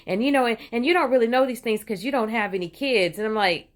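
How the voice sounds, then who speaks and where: A woman's voice: fairly high pitch, fast talker, hardly any pauses. A middle-aged woman telling a personal story in a casual, digressive way, with lots of "you know" and "right?", and putting on voices when she quotes people. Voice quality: animated, puts on voices when quoting people. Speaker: vlogger.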